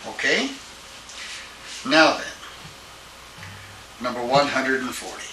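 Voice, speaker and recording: Speaking slowly at a medium pitch with a sharp tone, an older man teaches Greek grammar to a class. He works patiently, pausing to check with students with an "all right?" The recording is old tape, hissy, roomy and far off.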